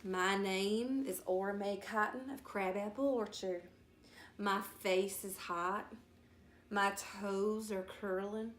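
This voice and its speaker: A woman reading a first-person children's story aloud in a folksy, expressive way. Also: medium pitch, slow pace, a little hiss or hum. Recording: roomy echo.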